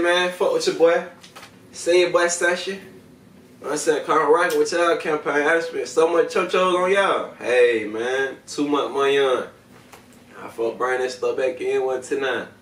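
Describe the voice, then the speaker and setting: Dude rambling and cussing to the camera, voice a bit high, echoey room, mic kinda far off. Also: male voice, fairly bright tone. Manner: rambling, profane, talks straight to viewers. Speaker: video host reviewing smoking products. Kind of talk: casual slang-heavy vlog chat.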